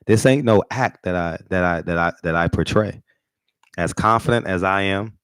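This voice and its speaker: A man's voice: deep voice, no room sound. A man hosting a casual boxing talk stream, brash and boastful, swearing freely and restarting his sentences often. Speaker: host of a boxing talk channel.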